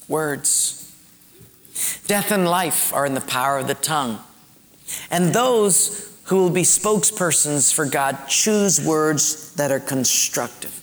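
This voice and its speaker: A man's voice: a little high, animated, takes it slowly, fairly bright tone, in a large hall. A man preaching a sermon earnestly, using rhetorical questions. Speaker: pastor.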